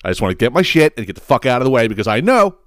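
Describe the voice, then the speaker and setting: A man in a casual podcast monologue, telling a rambling story full of profanity and false starts, and chuckling at his own misfortune. His voice is smooth and clear at a middling pitch. The recording is dry and close, with no room sound. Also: big pitch swings, very fast, dry recording. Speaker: podcast host.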